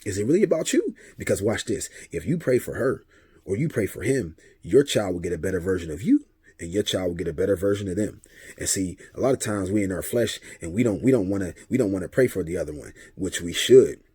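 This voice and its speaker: Man for a spiritual advice vlog, low and husky, relaxed conversational delivery, acts out dialogue. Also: fairly quick, no room sound. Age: adult father of several children. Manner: conversational, often repeats a filler tag and acts out dialogue. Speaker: vlogger giving spiritual advice. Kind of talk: casual spiritual talk monologue.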